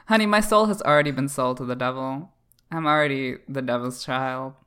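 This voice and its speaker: A man's voice: mid-range voice, pushed and bright, clean tone. A man from Canada in a casual comedic podcast chat, talking in a playful, campy, teasing way. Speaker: podcast co-host.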